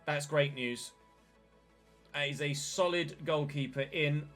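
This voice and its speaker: A man, casually commentating his football management game and breaking into excited shouts at big moments. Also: fairly high pitch, takes it slowly, faint music behind. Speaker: gaming channel host.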